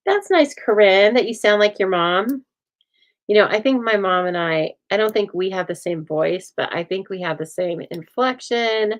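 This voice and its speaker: A woman hosting a casual craft demonstration, chatty and often laughing, with a calm, soothing voice and a dry deadpan humor, recorded on a phone. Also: medium pitch, normal speed, rough recording. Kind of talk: casual chat during a craft demo.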